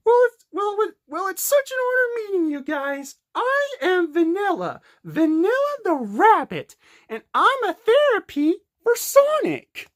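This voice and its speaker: A woman voicing a gentle, motherly rabbit woman who gushes and stumbles over her words in a homemade fan production. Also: very high voice, huge pitch swings, measured pace, exaggerated voice. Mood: tearful, gushing.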